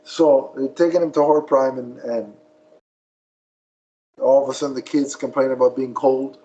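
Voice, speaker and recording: A man co-hosting a podcast, retelling a cartoon in casual chat with a rambling, animated manner. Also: medium pitch, moderate pace, dull audio. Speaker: podcast co-host.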